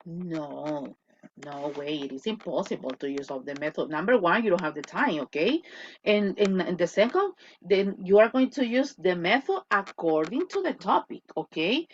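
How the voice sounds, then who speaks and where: Lively woman teacher. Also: lowish voice, normal speed, a little hiss or hum. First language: Spanish. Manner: switches between English and Spanish, repeats points, asks "okay?". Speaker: English teacher. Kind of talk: online class lecture. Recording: dull lo-fi audio.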